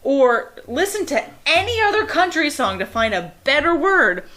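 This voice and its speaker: Guest reviewer on a casual podcast, this young Pittsburgh-area woman speaks in a high voice with a local accent. She's animated, tossing in quick asides and laughter.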